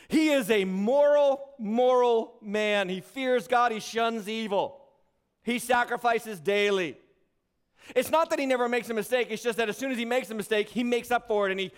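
A pastor with a high, light voice preaches from a church stage. He keeps throwing rhetorical questions at the congregation and slips in playful asides, his delivery lively and conversational. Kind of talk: sermon. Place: church sanctuary.

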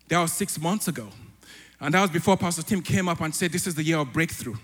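A man with a mixed African and British accent speaks fast in a rather high voice, sounding like he's in a big room. A church elder in a church hall, he preaches a sermon and prays aloud fervently, his prayer rising to loud declarations.

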